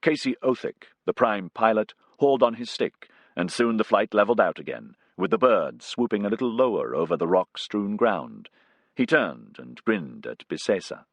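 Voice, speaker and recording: A man narrating a science fiction audiobook in an expressive reading style. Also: on the low side, normal speed, no echo, muffled recording.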